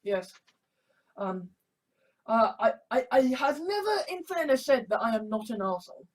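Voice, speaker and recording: A man's voice: very high-pitched, big pitch swings, moderate pace. A man talking in a casual vlog monologue, stuttering and repeating himself often and swearing freely. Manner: stammering, repeating "I" over and over. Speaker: video essayist.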